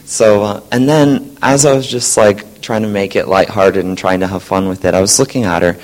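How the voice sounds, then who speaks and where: A science teacher telling a group a lively story about his day, acting out the voices of colleagues. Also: on the low side, moderate pace, rough recording. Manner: animated, acts out quoted voices. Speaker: science teacher sharing a testimony.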